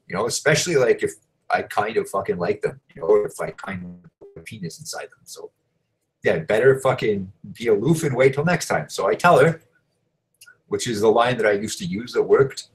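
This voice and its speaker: A man's voice: on the low side, expressive, fairly quick, low-quality recording. Profane rambling man telling a story. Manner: profane, rambling, heavy fillers. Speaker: show host. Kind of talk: casual storytelling.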